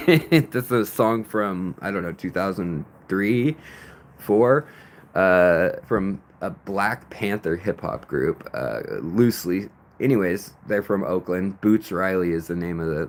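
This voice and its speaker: Broadcasting live from outside late at night, this host has a deep voice with lively intonation and talks a little slowly. His loose, rambling chatter includes calling out viewers' names from the chat and occasionally rapping along.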